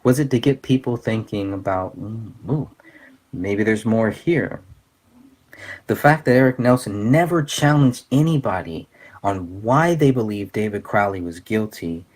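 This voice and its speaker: A man hosting a casual commentary show, talking in an earnest, halting way with many fillers and restarts. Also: on the low side, a little mellow. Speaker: podcast host.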